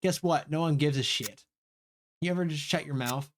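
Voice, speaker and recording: A man's voice: a little high, normal speed, slight background noise, natural voice. A man voicing a rude, dismissive young man with curt, contemptuous lines.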